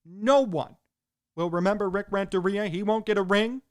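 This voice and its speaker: A man's voice: high voice, normal speed. A man hosting a sports talk show, delivering an emphatic opinion monologue in punchy, repeated short sentences.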